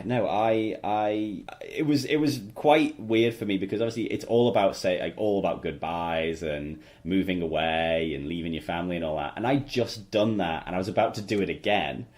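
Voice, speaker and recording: A man's voice: deep voice, darkish tone. A man in his thirties with an English accent, hosting a casual podcast chat and laughing easily as he talks. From England. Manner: chatty, laughs often, trailing restarts. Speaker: podcast host.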